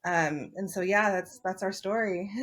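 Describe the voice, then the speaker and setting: A woman's voice: medium pitch, measured pace. A woman who is a hotel owner, a guest in an interview, telling a story animatedly and acting out quoted dialogue.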